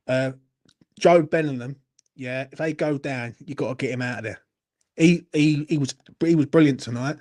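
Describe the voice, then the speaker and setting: Sweary tipsy football fan. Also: male voice, fairly high pitch, darkish tone. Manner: blunt, sweary, rambling. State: drinking, a little tipsy. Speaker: football channel host. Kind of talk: late-night live Q&A, reading chat comments.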